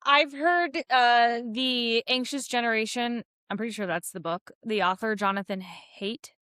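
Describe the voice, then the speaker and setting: A woman co-hosting a podcast, speaking in a thoughtful, measured way with hesitant restarts. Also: fairly high pitch, sharp tone, smooth, no echo, studio quality. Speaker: podcast co-host. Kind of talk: casual conversational chat.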